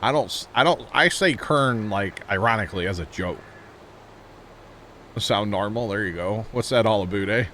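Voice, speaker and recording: While gaming on stream, a man from Missouri talks casually with viewers in a St. Louis accent, rambling and laughing without effort. His fairly low, expressive, fairly bright voice runs at normal speed, with slight background noise.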